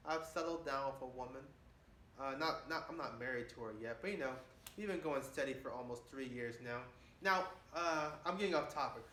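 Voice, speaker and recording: Brisk and sharp, a man in his 20s with a medium-pitched voice delivers a casual, bragging monologue for his vlog, dropping "man" again and again. The recording has an echoey room sound and faint hiss.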